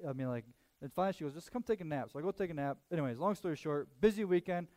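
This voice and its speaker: A man in his thirties, a pastor telling a self-mocking story in a sermon, full of quick asides. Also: on the high side, expressive, mellow.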